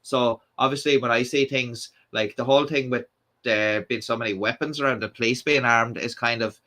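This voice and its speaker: A man's voice: mid-range voice, fairly even intonation, normal speed, pushed and bright. Rambling Irish man reading comments. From Ireland. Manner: rambling, many fillers and restarts. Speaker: live stream host. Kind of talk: casual chat reading comments.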